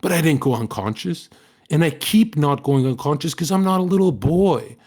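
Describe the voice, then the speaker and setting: A man's voice: on the high side, expressive, normal speed, a little mellow. A man livestreaming an angry, lecturing rant that is heavy with profanity and aimed at his chat.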